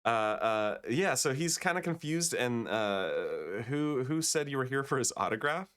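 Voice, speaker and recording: A man's voice: medium pitch, expressive, normal speed, fairly bright tone, clean tone. A man running a tabletop game as game master, talking in a loose, chatty way. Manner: loose and chatty, with frequent fillers.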